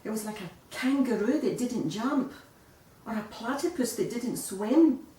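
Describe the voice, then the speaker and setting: A woman reading a children's picture book aloud in an expressive storytelling manner. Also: on the high side, measured pace. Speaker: storybook reader. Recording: echoey room, voice a bit far off.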